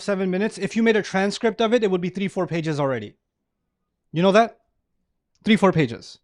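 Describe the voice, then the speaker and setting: A middle-aged man giving an animated religious lecture to a live audience, often asking them questions. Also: sits high, no echo, clean studio sound. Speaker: Islamic lecturer.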